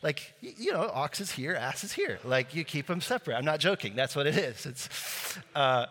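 A man preaching a sermon, conversational and joking, lively with his congregation. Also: a little high, moderate pace. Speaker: pastor. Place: church sanctuary. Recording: reverberant church hall.

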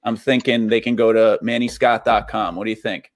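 A man's voice: on the low side, fairly even intonation, fairly quick, dry recording. A man hosting an interview, giving enthusiastic praise and asking wrap-up questions. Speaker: interview host.

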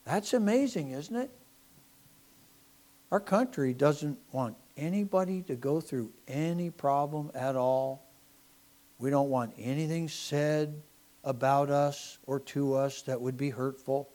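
A middle-aged man preaching a sermon, animated, swinging from loud emphasis to soft asides. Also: fairly high pitch, takes it slowly. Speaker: pastor.

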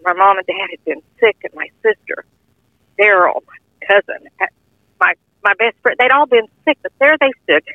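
A woman's voice: medium pitch, animated, normal speed, no room sound. An older woman earnestly telling a heartfelt personal testimony in plain, informal speech. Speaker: guest sharing a testimony. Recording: tinny phone-line audio, dry.

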